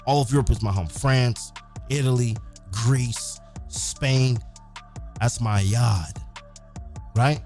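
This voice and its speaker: A man hosting a podcast, telling stories in a casual, profane, animated way. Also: mid-range voice, slow, long pauses, faint music behind. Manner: profane, animated, acts out quotes. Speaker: podcast host. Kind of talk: casual storytelling.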